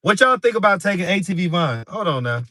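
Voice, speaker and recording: Brief: easygoing male host chatting live with viewers, bright tone, dry close sound, laughs easily. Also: high-pitched, very animated, fast, dry recording. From New York. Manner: laid-back, laughs often, talks straight to the chat. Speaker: street interview channel host. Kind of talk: casual livestream chat with viewers.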